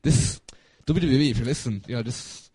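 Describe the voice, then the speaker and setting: A man's voice: medium pitch, a little fast, mellow, slightly rough. A man co-hosting a casual podcast, laid-back and jokey. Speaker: podcast co-host.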